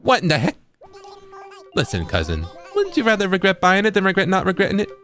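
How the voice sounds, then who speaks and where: A man's voice: high voice, huge pitch swings, a little fast, a bit bright, faint music behind, voice pushed up, full character voice. A man voicing a sly, pushy middle-aged male fox merchant with wheedling salesman patter. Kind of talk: reading game dialogue aloud in character.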